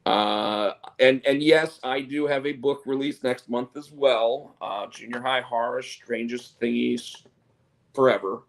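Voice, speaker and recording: Brief: male podcast host, gravelly mid-pitched voice, rambling animated storyteller. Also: unhurried. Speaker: podcast host and comic artist. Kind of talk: casual chat.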